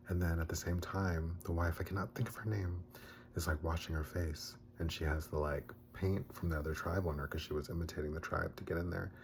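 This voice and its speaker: Deep-voiced male reviewer, animated and casual, recapping a film with faint background hum. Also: brisk, gravelly. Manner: animated retelling, acting out characters' lines.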